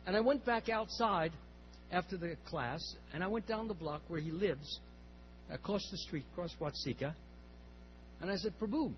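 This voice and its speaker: An older man with a fairly high voice tells a story to a class, rambling and restarting his sentences. The recording is slightly muffled, and a faint hum runs underneath. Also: normal speed. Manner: rambling, with repeated words and restarts. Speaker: speaker at a temple class.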